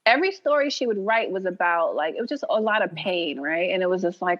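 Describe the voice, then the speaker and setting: A woman guest on a podcast, an animated storyteller who acts out what people said and laughs often. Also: fairly low pitch, fast talker, few pauses, lo-fi sound. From New York. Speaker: creator and writer, guest. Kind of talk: casual podcast interview.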